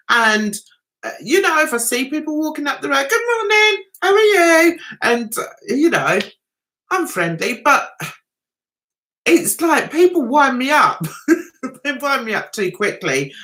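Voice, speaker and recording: Her voice sits high, bright and forceful as this middle-aged woman runs a casual livestream. Reading out viewer chat, she chats freely, pokes fun at herself, and laughs a lot while saying hello to viewers.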